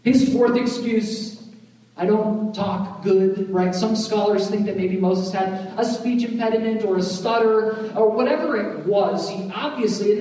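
A man's voice: high-pitched, darkish tone. A man preaching a sermon as pastor, conversational and joking, often checking in with "right?". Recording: echoey hall, voice from far off.

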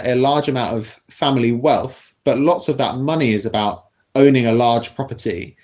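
A man with a posh British accent explaining a topic in a thoughtful, measured podcast conversation, often restarting his sentences. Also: mid-range voice, darkish tone. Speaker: podcast guest explaining class.

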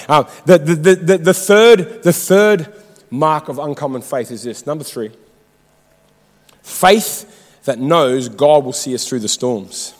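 A man's voice: medium pitch, long reverb tail. A man preaching a sermon in a church, fired up and exhortative, calling out to the congregation. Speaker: pastor.

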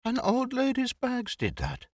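A cheerful, tipsy young gentleman rambles on fondly, as a man puts him on for an audiobook. His voice swings up and down, and it sits dry and close. The words run together a little. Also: very high-pitched, huge pitch swings, a little slow, no echo, pitched above the performer's own voice, full character voice.

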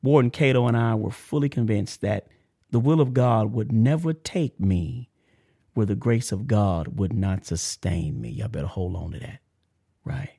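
A man hosting a faith podcast, mixing lively shout-outs with preacher-style reading of a testimony. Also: on the low side, normal speed, gravelly, husky, no echo, clean studio sound. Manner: animated, emotional, shout-outs and laughs; preacher-like cadence. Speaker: podcast host. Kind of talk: casual preaching and reading a letter.

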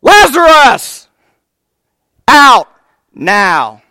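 A man voicing Jesus as a calm grown man who gives firm, reassuring commands. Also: fairly high pitch, unhurried, clear, resonant tone, lightly acted. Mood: commanding.

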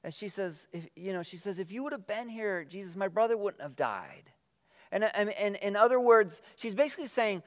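A man preaching a sermon, earnest and reflective, reading scripture aloud and letting his voice drop softly at the ends of phrases. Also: high-pitched, expressive, moderate pace. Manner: reads scripture aloud with quiet emphasis. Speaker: pastor.

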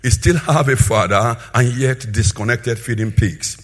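A man preaching a sermon with a husky voice, swinging between loud emphatic bursts and quieter asides. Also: mid-range voice, unhurried.

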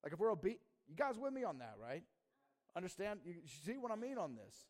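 A pastor preaches in a casual, conversational style, frequently checking in with his audience by asking "right?" His voice sits high with big pitch swings, brisk and a little mellow.

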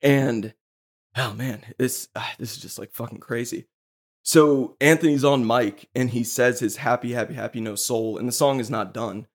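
Guy on a podcast hyped up telling a story, swears a lot, mid pitch. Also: moderate pace. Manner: excited storytelling, swears freely. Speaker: podcast host. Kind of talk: casual chat.

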